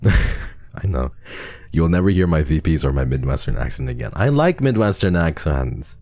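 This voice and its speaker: A male streamer with a very deep, gravelly voice chats casually on a livestream at a desk mic, reading donations. He is unwell and sounds soft and drowsy, trailing off often, though his pitch swings widely. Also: big pitch swings, normal speed, no echo.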